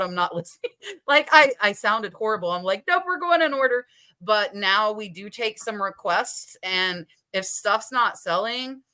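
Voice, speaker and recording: A woman in her forties hosts a live chat stream, talking with animated energy. She acts out her own thoughts in quick asides. Her voice has a bright, forceful edge. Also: medium pitch. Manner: animated, quotes her own inner talk. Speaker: podcast host.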